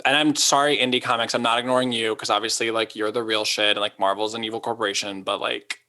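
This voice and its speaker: A man's voice: fairly low pitch, level tone, sharp tone. A man co-hosting a casual podcast chat, rambling with lots of asides. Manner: chatty, quick asides, lots of "like". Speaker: podcast co-host.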